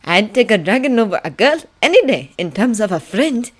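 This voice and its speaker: Woman doing a wry old librarian guy, gentle and knowing, storybook. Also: fairly high pitch, big pitch swings, fairly quick.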